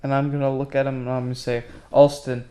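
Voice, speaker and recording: A man's voice: mid-range voice, completely flat delivery, rapid-fire, dark tone. Casual male tabletop player. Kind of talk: tabletop game chat.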